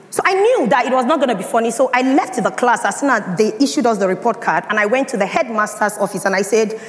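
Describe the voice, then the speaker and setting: Nigerian woman, lively talk in echoey hall. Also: a little high. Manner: storytelling with dramatic emphasis. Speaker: speaker. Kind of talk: motivational talk. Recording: echoey hall, faint ambience.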